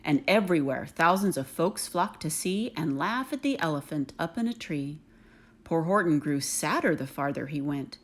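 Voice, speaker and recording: A woman reading a rhyming children's picture book aloud, expressive and rhythmic. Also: low voice, normal speed. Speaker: reader.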